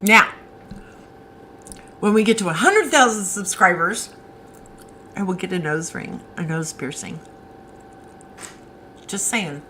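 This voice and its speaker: A woman's voice: medium pitch, expressive, slow pace, long pauses, bright, forceful tone, a little hiss or hum, poor audio. A woman author hosting a casual live stream, chatting and answering viewer comments as they come in.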